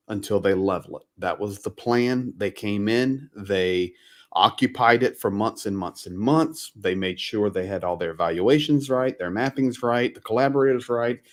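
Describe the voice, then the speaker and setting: Emphatic, somewhat low-voiced stream host. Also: male voice. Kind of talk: casual live-stream conversation.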